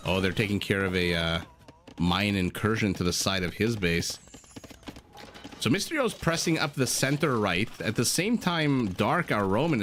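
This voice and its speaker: A man with a lowish voice casts a strategy game live, breaking off from the action to chat with viewers. Noise sits clearly behind him. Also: a bit bright. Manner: chatty, reads and answers chat between play calls. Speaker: game commentator. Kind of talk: live-stream game commentary. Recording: audible background noise.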